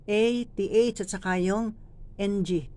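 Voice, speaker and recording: A woman with a Filipino accent training church readers, speaking deliberately and demonstrating phrasing by reading lines aloud. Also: medium pitch, dark tone. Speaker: lector trainer. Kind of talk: teaching scripture reading in a workshop.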